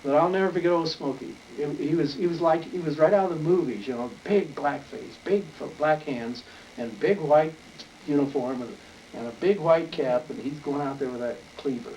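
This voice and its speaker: A man's voice: on the high side, normal speed, a little mellow. An older man from Wyoming telling a rambling, folksy story in an oral history interview. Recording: distant mic with faint noise.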